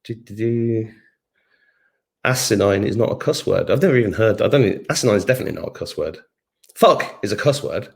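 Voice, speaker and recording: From his home kitchen, a middle-aged man hosts an online live show in a lowish, gravelly voice. He chats casually, reads comments, hums to himself and swears now and then.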